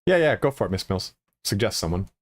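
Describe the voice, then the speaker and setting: A man's voice: sits low, lively intonation, fairly quick, no echo, studio quality. A man chatting casually and profanely with viewers as a game streamer, rambling with lots of filler words.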